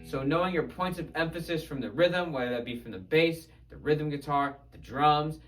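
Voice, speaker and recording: A man teaching guitar, talking through techniques in an energetic, conversational way. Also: on the high side, normal speed, low-quality recording. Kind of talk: instructional video narration.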